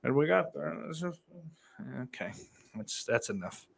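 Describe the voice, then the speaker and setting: A man's voice: medium pitch, expressive, a little slow, creaky. A man from the United States hosting a casual livestream, reading the chat aloud and rambling with lots of fillers and cursing. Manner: profane, rambling, with many fillers and mock outbursts.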